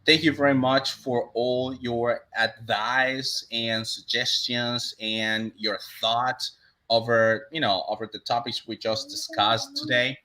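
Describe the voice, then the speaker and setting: A man's voice: mid-range voice, little pitch movement, slow pace, bright, forceful tone, poor audio. A man hosting a casual video interview, speaking with frequent restarts and repeated thanks. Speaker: interview host.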